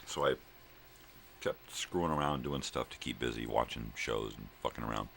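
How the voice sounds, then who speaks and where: Older male vlog host, very low gravelly voice, rambling and profane, faint room hiss. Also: normal speed, fairly bright tone. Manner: rambling, profane, drifting between thoughts with fillers. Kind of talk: casual morning monologue to viewers. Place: at home in the early morning.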